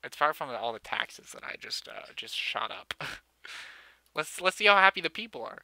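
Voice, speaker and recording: A young man talks through his city-building game in a loose, joking way, full of dry sarcasm and jabs at himself. His voice is very bright and tight. The sound is dry and close, with no room around it. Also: on the high side, big pitch swings, normal speed, dry recording. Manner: joking, sarcastic, self-mocking, often laughing. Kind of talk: casual let's-play commentary.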